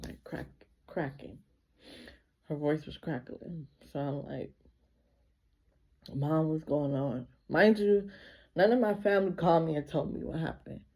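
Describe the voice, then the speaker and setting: A woman's voice: sits low, warm tone, breathy edge. A woman telling a personal story in a casual vlog, speaking emotionally and filling her sentences with repeated 'like'. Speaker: vlogger.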